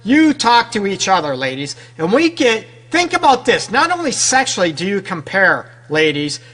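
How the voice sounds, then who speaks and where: Guy doing a relationship advice radio show, high bright voice, chatty, keeps asking the ladies questions. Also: wildly swooping pitch, moderate pace. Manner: direct, conversational, keeps addressing women listeners; frequent rhetorical questions and tag "right?". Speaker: relationship counselor and radio host.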